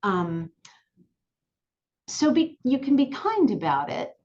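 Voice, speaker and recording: A woman sexuality educator speaking calmly and clearly to the camera, repeating her key points. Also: a little high, takes it slowly, highs cut off, a little hiss or hum. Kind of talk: direct-to-camera lesson. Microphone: looking into camera, on-camera mic.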